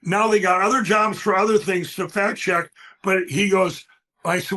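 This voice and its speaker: A man speaks with a high-pitched voice as he talks on a show. He rambles and stresses his words, jumping from one point to the next. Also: fairly even intonation, moderate pace, bright, forceful tone. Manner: rambling, emphatic, acts out quoted voices. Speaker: guest. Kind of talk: animated interview storytelling.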